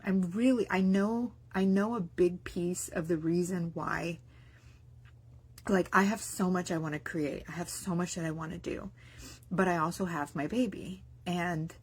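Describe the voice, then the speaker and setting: A woman's voice: fairly low pitch, breathy edge. A woman vlogger talking in a casual, rambling spoken-diary monologue, with many restarts and fillers. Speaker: mindset vlogger and business owner.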